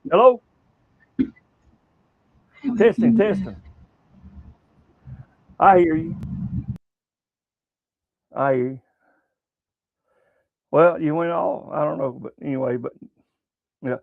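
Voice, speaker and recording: A rambling, folksy man with a Southern American accent chats through a sports livestream, his voice sitting a little high. The sound is thin and phone-like, and the room is very dry. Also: takes it slowly, creaky, pauses often, no room sound. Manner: rambling, folksy, many fillers. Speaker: sports show host. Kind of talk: casual livestream chat. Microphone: webcam livestream setup.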